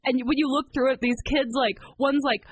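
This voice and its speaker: A woman's voice: sits high, steady tone, normal speed, slight background noise. A young adult woman co-hosting a podcast, chatting easily and laughing often. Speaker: podcast co-host. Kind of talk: casual chat.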